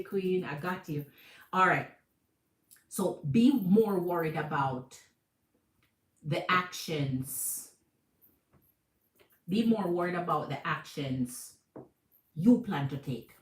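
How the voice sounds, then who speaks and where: Animated Jamaican woman reading tarot. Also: on the low side. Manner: animated, repeats phrases, calls viewers Queen. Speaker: tarot reader. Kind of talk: live tarot reading to viewers. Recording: echoey room.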